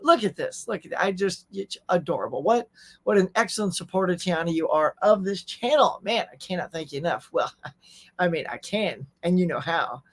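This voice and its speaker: A man's voice: high voice, lively intonation, moderate pace. A man hosting a casual morning livestream, chatting easily and reading viewer messages aloud. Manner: chatty, reads chat messages aloud, says y'all. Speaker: host.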